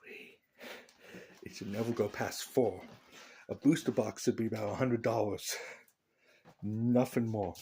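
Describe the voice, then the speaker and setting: A man's voice: lowish voice, fairly even intonation, moderate pace, vocal fry, long pauses, warm tone, a little hiss or hum. A man vlogging a casual, rambling opinion rant, joking and laughing at his own lines.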